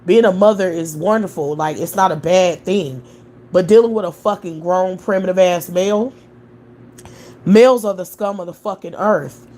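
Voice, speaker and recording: A woman's voice: fairly low pitch, moderate pace, warm tone. A young adult woman hosting a live stream, answering chat in a profane, scornful rant with mocking laughter. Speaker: livestream host.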